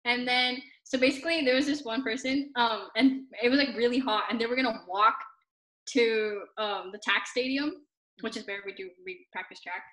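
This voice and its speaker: A woman's voice: a little high, normal speed, bright, forceful tone. A teenage girl rambling through a story in casual chat with friends, full of fillers. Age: teens. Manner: rambling, filler-heavy retelling.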